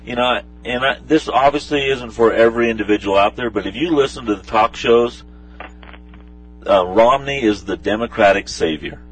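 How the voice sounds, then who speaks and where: A man's voice: medium pitch, moderate pace, husky, recorded from a distance, faint music behind, poor audio. A man co-hosting a Christian call-in radio show, talking casually with many "you know"s. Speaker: radio co-host.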